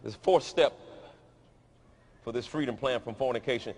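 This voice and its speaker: A man preaching a sermon in a large dome, emphatic and repetitive, rising to shouts. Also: medium pitch, normal speed. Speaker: pastor.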